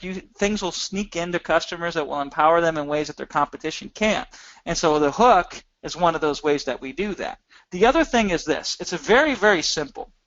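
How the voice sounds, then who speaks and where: A man's voice: a little high, a bit bright, dry recording, lo-fi sound. A man teaching a recorded training session, talking emphatically and asking many rhetorical questions. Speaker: course instructor.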